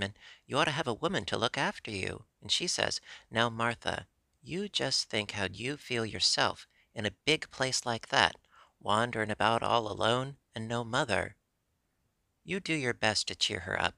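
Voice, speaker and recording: A man's voice: lowish voice, lively intonation, moderate pace, gravelly, bright, forceful tone, no echo, heavily acted. A man reading a chatty young Yorkshire maid in broad, homely dialect, in a dry, close audiobook recording.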